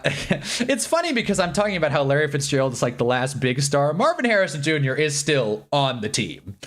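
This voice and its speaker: A man hosting a live reaction stream, talking in an excitable, rambling way and laughing often. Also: mid-range voice.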